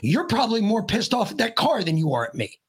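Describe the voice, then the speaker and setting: A man, a podcast guest, telling a story in casual chat, blunt and profane, rambling and animated as he talks. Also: high voice, quick pace, breathy edge.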